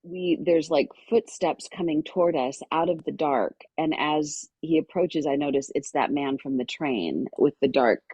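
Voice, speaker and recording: Woman, middle-aged, husky, dry close sound, animated storytelling. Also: sits low, moderate pace, few pauses, no room sound. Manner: lively storyteller who acts out quoted voices. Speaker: podcast guest.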